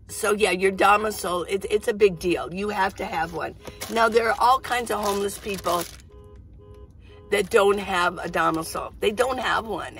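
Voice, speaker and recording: In a low-quality recording, a middle-aged woman speaks in a medium-pitched, fairly bright voice. She's vlogging from inside her minivan, hosting a loose, rambling coffee chat and laughing a lot throughout.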